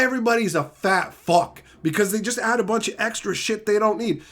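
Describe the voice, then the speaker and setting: A man streaming live, ranting loudly with constant swearing and insults, reading and mocking chat comments. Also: high voice, fairly quick, few pauses. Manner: loud, swearing, insulting rants; reads chat comments aloud and mocks them. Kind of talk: profane livestream rant.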